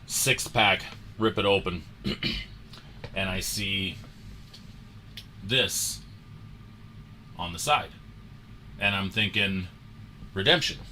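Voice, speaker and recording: A man hosting a sports card show, telling a story in a casual, animated way and acting out the moments. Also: deep voice, drawn-out words, long pauses, slight background noise.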